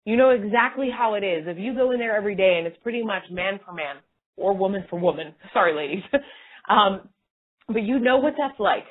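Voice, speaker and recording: A woman leading a motivational sales training call, talking in an energetic, rambling, casual way. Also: medium pitch, fairly quick. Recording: tinny phone line.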